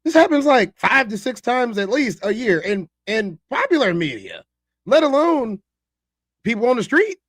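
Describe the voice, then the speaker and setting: A man's voice: high-pitched, measured pace, no echo. A man hosting a live reaction stream, laughing, talking to his chat and reading their comments aloud. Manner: animated, laughing, talks to chat. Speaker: streamer host reacting to a video.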